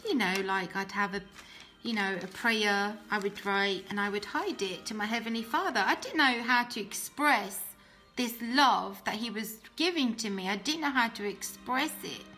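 A woman's voice: mid-range voice, moderate pace, pushed and bright, soft background music. A young woman tells her personal faith testimony in an earnest, heartfelt way, often restarting her sentences.

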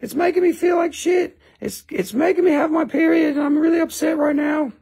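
A man voicing an overdramatic, upset woman customer in a shrill, whiny falsetto. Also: brisk, gravelly, darkish tone. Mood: whining.

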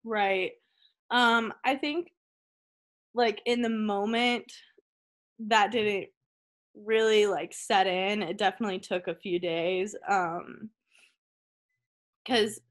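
A woman's voice: medium pitch, slow, long pauses. A young woman, a college tennis player, chatting casually as an interview guest from home over a video call, filling her talk with "like" and laughing easily. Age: young adult.

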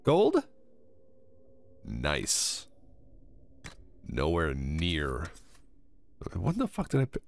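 A man's voice: a bass voice, wildly swooping pitch, very slow, vocal fry, pauses often. A man giving casual let's-play commentary, rambling, swearing freely and talking to himself and the game characters. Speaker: gamer playing a video game.

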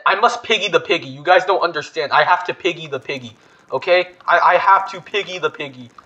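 A man hosting a gaming video, commenting excitably and panicking with repeated words. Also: fairly high pitch, brisk, muffled recording.

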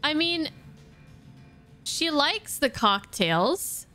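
A woman's voice: high-pitched, sing-song, drawn-out words, pushed and bright, soft background music. A woman streaming a game live, chatting casually and playfully, swearing now and then.

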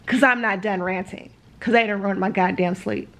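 A woman's voice: medium pitch, fairly even intonation, moderate pace, a bit bright. Sleepy, blunt woman vlogging at home. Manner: blunt, swears freely, rambling asides. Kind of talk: casual vlog chat. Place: at home in her apartment.

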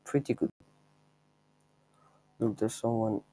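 A man's voice: fairly low pitch, fairly even intonation, slow pace, dark tone, slight background noise, low-quality recording. A young man giving offhand, rambling commentary over his own gameplay, showing a trick step by step. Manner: offhand, rambling, chuckles at himself. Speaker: gameplay video maker.

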